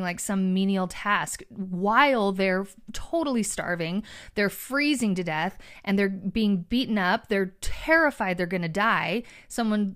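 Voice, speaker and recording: Woman, casual motivational speaker, earnest and upbeat, talks chattily to her viewers. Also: medium pitch.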